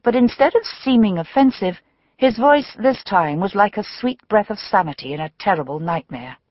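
A woman narrating a mystery novel for an audiobook with measured storytelling. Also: mid-range voice, expressive, dry recording, muffled recording.

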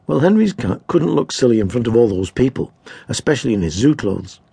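Male narrator for children's story, expressive, husky, dry close recording. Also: medium pitch, a little fast, no echo. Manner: gently amused, expressive. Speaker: audiobook narrator.

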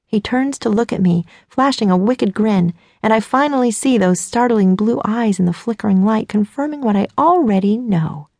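A woman narrates a first-person audiobook, her tone self-mocking and a bit flustered. Her voice carries a gravelly fry at mid pitch. The sound is dry and close to the mic. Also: animated, normal speed, few pauses, a little mellow, no room sound.

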